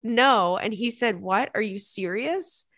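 Laughing, animated woman podcast host. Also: a little high, slow pace, no echo, clean studio sound. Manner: animated, laughing, dramatic reactions. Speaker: podcast host reading listener stories. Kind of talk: casual chat.

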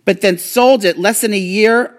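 This woman is a vlog host at home, tipsy and hiccuping as she reads out celebrity facts in casual chat. She rambles, filling the reading with fillers and restarts, and her mid-range voice keeps a moderate pace.

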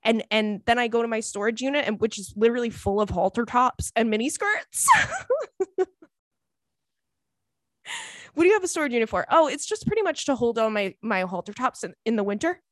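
A woman hosting a podcast in casual chat, an animated, chatty storyteller who breaks into playful squeals. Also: a little high, moderate pace, long pauses, dry recording, clean studio sound. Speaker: podcast host.

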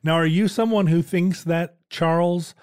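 A man's voice: a little high, steady tone, measured pace, a little mellow, clean tone, no room sound, studio quality. A man co-hosting a podcast, chatting casually and teasing his partner with anecdotes. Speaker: podcast co-host. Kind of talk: casual chat.

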